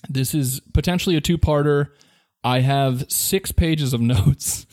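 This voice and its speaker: A man's voice: a little high, a little slow, a little mellow, no echo, studio quality. Playful man telling a spooky story. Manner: playful, joking, laughs often. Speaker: podcast co-host. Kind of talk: casual storytelling chat.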